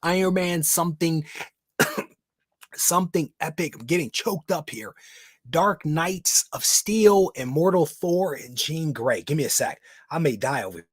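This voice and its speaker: A man's voice: a little high, animated, unhurried, husky, no room sound, clean studio sound. Chatty man hosting a comics livestream. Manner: chatty, reads viewer comments aloud, calls viewers brother. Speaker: host of a live comic book show. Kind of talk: casual livestream chat.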